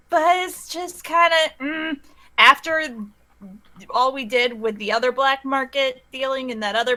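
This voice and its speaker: A woman's voice: high-pitched, bright, forceful tone. A woman chatting casually as a tabletop game player, rambling and playful and laughing often. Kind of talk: casual chat.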